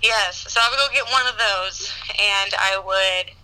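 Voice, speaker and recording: A woman's voice: mid-range voice, measured pace, over a noisy crowd, poor audio. A woman in her thirties, a guest chatting casually and laughing often. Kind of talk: casual chat.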